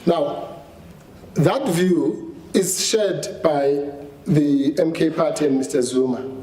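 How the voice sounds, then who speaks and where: Advocate arguing in court. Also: male voice, on the high side, slow, mellow. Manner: hesitant restarts, then firm assertive points. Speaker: counsel arguing before the court. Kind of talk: courtroom legal argument. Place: large courtroom. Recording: roomy courtroom echo, faint hiss.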